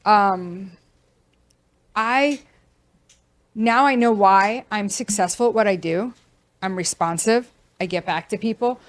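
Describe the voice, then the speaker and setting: A woman's voice: medium pitch, slow, long pauses. Woman, realtor, show host, frank, venting, casual chat.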